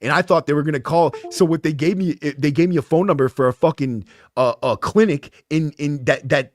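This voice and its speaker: A man, hosting a podcast, telling his own story in a casual, profane, animated way. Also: a little high, moderate pace, few pauses, dry recording, clean studio sound. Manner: animated, profane, rising to heated outbursts. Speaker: podcast host.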